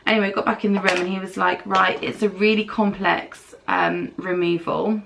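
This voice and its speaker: A woman's voice: medium pitch, fairly even intonation, normal speed, gravelly, noisy background. A young British woman vlogger telling a rambling story while doing her makeup, acting out other people's lines as she goes. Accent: British English. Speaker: beauty vlogger. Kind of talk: chatty get-ready-with-me storytelling.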